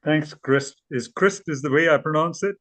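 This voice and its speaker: A man moderating a candidate forum over a video call, briskly calling on each speaker and prompting them to unmute. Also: a little high, a bit bright, no echo.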